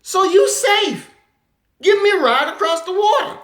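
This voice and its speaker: A woman voicing a smooth-talking male scorpion from a fable, coaxing and reassuring. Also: extremely high pitch, expressive, a little slow, fairly bright tone, pitched above the performer's own voice, heavily acted. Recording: roomy echo.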